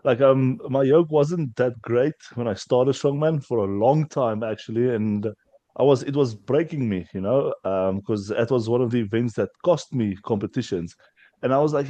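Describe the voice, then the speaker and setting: A man, a strongman athlete, telling an animated story on a podcast and laughing often. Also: medium pitch, moderate pace, dry recording, dull audio. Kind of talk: casual podcast chat.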